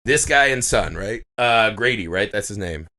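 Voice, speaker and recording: A man's voice: on the low side, moderate pace. A man in casual podcast chat, telling stories with lots of swearing. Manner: animated storytelling, swears freely. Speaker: podcast co-host.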